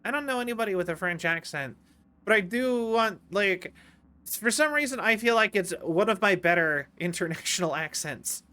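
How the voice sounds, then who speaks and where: A man's voice: sits high, lively intonation, normal speed, bright, forceful tone, smooth. A man streaming a video game, rambling and chatting with viewers and laughing a lot. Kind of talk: casual gameplay commentary.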